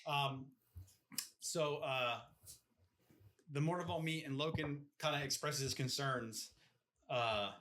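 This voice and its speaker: A man's voice: fairly high pitch, slow pace, pauses often, fairly bright tone. A man co-hosting a podcast, chatting casually about a book in a rambling way, often asking "you know what I mean?". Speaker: podcast co-host. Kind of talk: casual book discussion chat.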